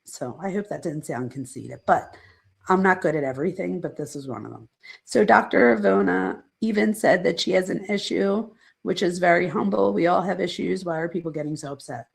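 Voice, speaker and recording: A woman's voice: fairly low pitch, fairly quick, gravelly, husky. A middle-aged woman, a psychologist, chatting casually on a live stream, reading viewer comments aloud and rambling off on side points.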